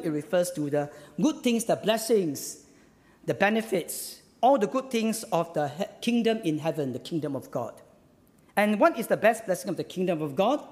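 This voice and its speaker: A man's voice: sits high, a little mellow. Emphatic man preaching in a reverberant hall. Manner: emphatic preaching with repeated phrases and frequent "uh" fillers. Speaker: pastor. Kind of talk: sermon.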